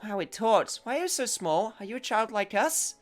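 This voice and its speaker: A man's voice: big pitch swings, moderate pace, soft background music. A man voicing a sick, wide-eyed small child in a raised, amazed voice. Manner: high, amazed voice. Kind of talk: reading game dialogue aloud.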